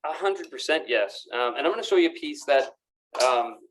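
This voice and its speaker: A man with a fairly high, slightly bright, animated voice presents golf apparel on camera in a pro shop at normal speed. It's a casual product demo; he's enthusiastic, chatty, and repeats his words often, picked up by a camera mic that moves around the room.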